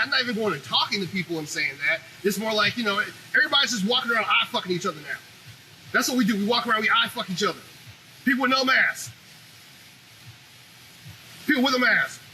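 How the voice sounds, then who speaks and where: Male commentary host with a strikingly high, cutting voice, delivering a fired-up, foul-mouthed monologue. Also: slight background noise, low-quality recording. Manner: animated, profane, ranting. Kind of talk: opinionated monologue.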